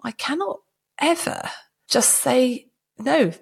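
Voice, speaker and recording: A woman's voice: sits high, animated, slow pace, gravelly, breathy edge. A middle-aged woman, a doctor co-hosting a podcast, chatting in a casual, self-deprecating way and laughing often. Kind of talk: casual conversation.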